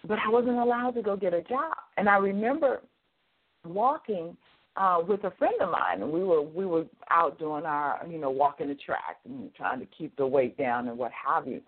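A woman's voice: lowish voice, normal speed. A woman hosting a faith talk radio show, sharing a personal testimony in an earnest, conversational way. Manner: earnest, conversational, with frequent "you know" and "okay?". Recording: phone-like narrow sound.

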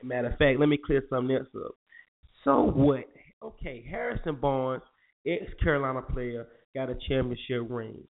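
A man's voice: mid-range voice, moderate pace, creaky. A man hosting a morning show, ranting about sports in a heated, profane, repetitive way. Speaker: show host. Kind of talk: casual sports rant. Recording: tinny phone-like audio with faint music.

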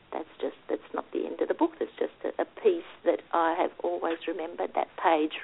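Husky gravelly-voiced woman on a phone line. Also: fairly low pitch, flat delivery, normal speed, few pauses. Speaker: spiritual healer, guest. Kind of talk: interview, reading aloud.

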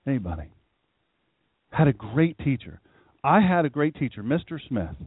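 A man's voice: mid-range voice, sing-song, normal speed, breathy edge, no echo. A middle-aged man, a pastor hosting a live radio show, preaching in a conversational way and repeating phrases for emphasis. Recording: dry, tinny phone-line sound.

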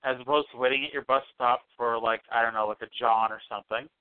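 A man's voice: medium pitch, fairly even intonation, fast, smooth, dry recording. A man co-hosting a podcast in casual chat, making dry teasing remarks. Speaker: podcast co-host. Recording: dry, tinny phone-like sound.

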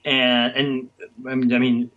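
Halting, rambling man on a lo-fi line. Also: medium pitch, completely flat delivery. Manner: rambling, halting with many restarts. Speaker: guest comics writer. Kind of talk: casual interview chat. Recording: dull lo-fi sound.

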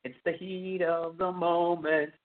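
An eager young man in a parked car pleads in a high, pushy, coaxing voice, as a man puts him on while retelling a scene. The sound is thin and tinny, like a phone line. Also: flat delivery, slow pace.

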